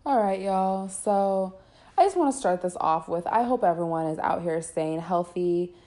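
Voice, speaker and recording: A woman's voice: fairly low pitch, expressive, moderate pace, warm tone. A young American woman hosting a casual podcast, talking in a chatty, slangy way with many fillers. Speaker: podcast host.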